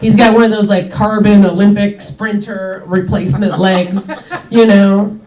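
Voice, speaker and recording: A woman's voice: mid-range voice, steady tone, unhurried, roomy sound, recorded from a distance, crowd noise, rough recording. A young adult woman doing a stand-up comedy set on a club stage, chatty and indignant, with lots of "like" fillers.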